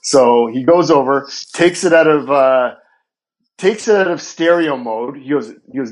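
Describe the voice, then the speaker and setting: A man, a guest music producer, telling lively studio anecdotes in a casual podcast interview. He acts out quoted dialogue and swears freely. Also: mid-range voice, unhurried, low-quality recording.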